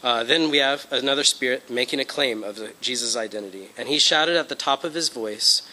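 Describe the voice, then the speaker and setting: A man's voice: mid-range voice, brisk, bright, forceful tone, low-quality recording. A young man giving an informal Bible lesson, talking through his notes with fillers and "okay?" check-ins. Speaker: Bible study teacher. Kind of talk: informal lecture presentation.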